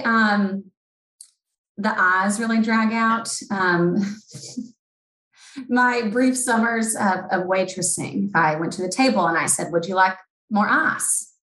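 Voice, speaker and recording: A woman's voice: fairly high pitch, lively intonation, takes it slowly, pauses often, fairly bright tone. Woman w southern missouri accent, wry and self-deprecating, stumbles and repeats words, echoey room. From rural Southeast Missouri. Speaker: guest. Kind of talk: casual chat. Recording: roomy echo.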